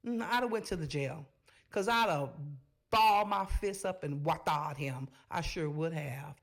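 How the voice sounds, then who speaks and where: A woman hosting a reaction video, giving sassy, animated commentary straight to her viewers. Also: deep voice, a little slow.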